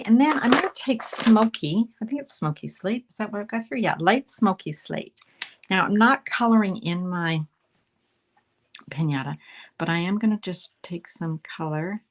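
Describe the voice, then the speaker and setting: A woman from Canada talks viewers through a card-making project at an unhurried pace, thinking aloud as she colors. Her voice sits a little low, with a gravelly fry, and she often sinks into a soft, near-whispered murmur. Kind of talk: casual live craft demonstration.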